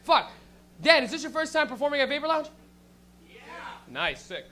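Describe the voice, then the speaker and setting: A man hosting a small stand-up show, doing crude, rambling bits about fast food and working the crowd. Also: very high voice, very animated, pushed and bright. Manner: crude, rambling, swears a lot. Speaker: comedy show host and comic. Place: small comedy venue with a live audience.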